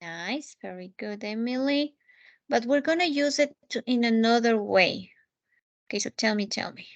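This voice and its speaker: A woman's voice: on the high side, animated, moderate pace, highs cut off. A woman teaching an English lesson, asking students questions, praising answers and repeating key points. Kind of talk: live online English lesson.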